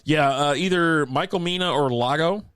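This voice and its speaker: A man's voice: fairly high pitch, normal speed, fairly bright tone, smooth, dry recording, clean studio sound. A man co-hosting a casual live beer show, rambling through recommendations, swearing freely and laughing often. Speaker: podcast co-host. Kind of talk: casual live-stream chat.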